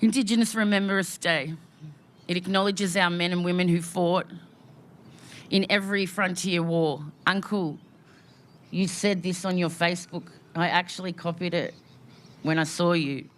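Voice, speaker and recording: At an outdoor memorial gathering, an Australian woman delivers a heartfelt, emotional welcome speech full of rhythmic repeated phrases. Her voice sits fairly low, with a steady tone and a moderate pace.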